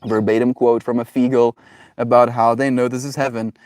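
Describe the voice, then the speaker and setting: A man streaming from home chats loosely with his viewers and drifts between thoughts with plenty of fillers and laughs. His voice sits at an ordinary middle pitch. The sound is dry and close, with no room echo. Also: flat delivery, fairly quick, a little mellow. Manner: rambling, many fillers, frequent laughter. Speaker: live streamer. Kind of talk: casual chat with viewers. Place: at home with pets.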